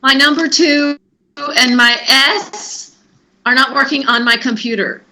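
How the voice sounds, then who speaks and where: A woman co-hosting a casual live stream over a video call, chatty and halting. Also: high voice, sharp tone, low-quality recording. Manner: chatty, halting, with fillers and laughs. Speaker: co-host.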